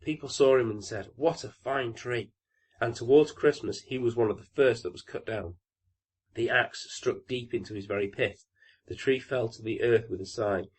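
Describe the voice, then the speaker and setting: A man narrating a classic fairy tale audiobook in a calm, even storytelling manner. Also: mid-range voice, normal speed, breathy edge.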